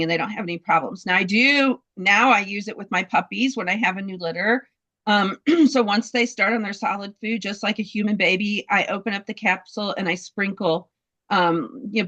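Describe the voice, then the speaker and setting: A woman telling a heartfelt story about her dogs' health, halting, with many fillers and restarts. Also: medium pitch, bright, forceful tone. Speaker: dog breeder sharing a testimonial. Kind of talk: casual testimonial in a group talk.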